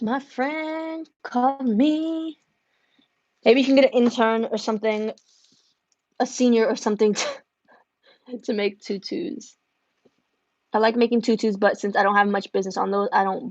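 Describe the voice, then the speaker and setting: A woman's voice: fairly high pitch, steady tone, normal speed, long pauses, no room sound, highs cut off. A middle-aged woman in a home craft studio, chatting casually with viewers on a live stream while she works on embroidery orders. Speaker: embroidery business owner hosting a live stream.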